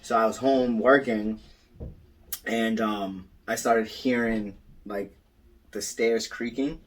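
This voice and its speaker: A man co-hosting a podcast, telling stories in casual chat, animated and acting out quotes. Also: lowish voice, takes it slowly, far from the mic. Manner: animated storytelling, acts out quotes, swears, laughs a lot. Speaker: podcast co-host.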